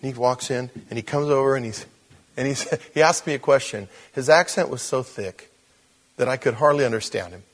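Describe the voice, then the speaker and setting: An older man speaking as a preacher who tells stories rather than lecturing. His delivery is conversational and animated, and he slips into the voices of the people he describes. His voice sits in an ordinary middle range. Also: mid-range voice, normal speed. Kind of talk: conversational sermon storytelling.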